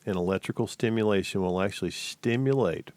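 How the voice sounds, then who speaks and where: A man, a pain medicine doctor co-hosting a radio show, explaining in a halting way with many restarts. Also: fairly low pitch, darkish tone, dry recording. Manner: halting, repeats words. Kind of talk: casual radio discussion.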